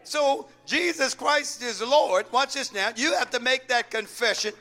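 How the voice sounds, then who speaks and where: A man's voice: very high-pitched, measured pace, sharp tone, soft background music. A man preaching a sermon, calling out questions for the congregation to answer and repeating key lines. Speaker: pastor. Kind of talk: call-and-response sermon.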